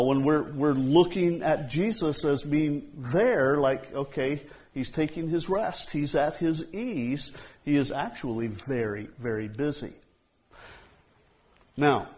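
A man's voice: a little high, darkish tone, slightly rough. A man preaching a sermon in a conversational way, often repeating himself and saying "you know.".

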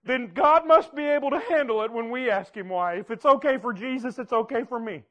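A man preaching, telling a personal story in an earnest way that swings from hushed to loud. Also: very high-pitched, moderate pace, hardly any pauses, muffled recording. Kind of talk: personal testimony sermon.

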